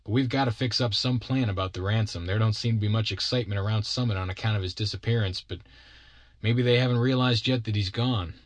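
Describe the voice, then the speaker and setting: A man voicing a smooth-talking grown kidnapper who speaks in a folksy, breezy way. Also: on the low side, fast, no room sound, close to an everyday voice.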